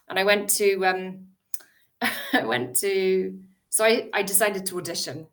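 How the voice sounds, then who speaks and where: A British woman, an actor, telling her story as an interview guest, animated and laughing as she acts out her past self. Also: medium pitch, unhurried. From United Kingdom.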